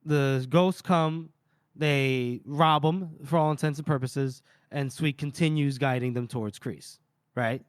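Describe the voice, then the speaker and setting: A man's voice: medium pitch, measured pace, clean tone, no echo, studio quality. A man co-hosting a casual book podcast, retelling a chapter's scenes and briefly voicing the characters' lines as he goes. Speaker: podcast co-host.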